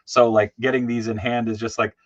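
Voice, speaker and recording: A man's voice: mid-range voice, flat delivery, brisk, no echo. A man hosting a casual chat, loose and offhand, sometimes swearing. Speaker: host. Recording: dull lo-fi sound.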